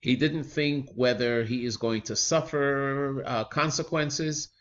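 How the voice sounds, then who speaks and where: A man retelling a religious teaching story in a measured, earnest way, pausing often with small fillers. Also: mid-range voice, fairly even intonation, dull audio.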